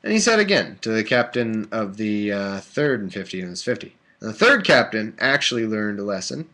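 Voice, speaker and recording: A man's voice: lowish voice, big pitch swings, normal speed, pushed and bright. A man casually reading aloud on a live stream, breaking off for sleepy, joking asides. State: drowsy. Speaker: host reading and commenting. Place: warm room at home.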